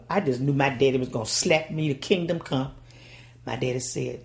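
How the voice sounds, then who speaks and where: Here a very deep voice with vocal fry, moving at an ordinary pace, belongs to an older Southern woman from Louisiana. She spins a folksy, dramatic tale from her childhood and performs the characters' voices.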